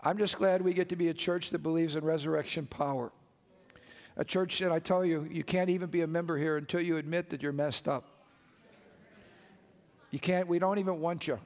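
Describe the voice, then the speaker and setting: A man's voice: a little high, steady tone, brisk, pauses often, darkish tone, in a large hall. A male pastor preaching a passionate, exclamatory sermon to his congregation in a church sanctuary.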